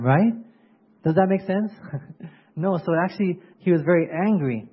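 Husky high-voiced male preacher. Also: expressive, normal speed, pauses often. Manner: keeps asking the congregation questions. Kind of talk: sermon. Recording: dull lo-fi sermon recording.

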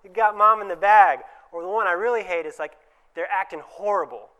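Addressing a room of fellow dentists, a male presenter keeps things relaxed and chatty. His smooth, resonant voice runs slightly higher than typical for a man, and he drops into quick impressions of parents and patients, voicing little dialogues.

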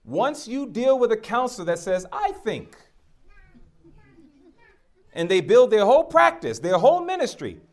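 Animated high-voiced male preacher. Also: fairly quick, hardly any pauses. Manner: emphatic, rhetorical questions to the congregation. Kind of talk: sermon.

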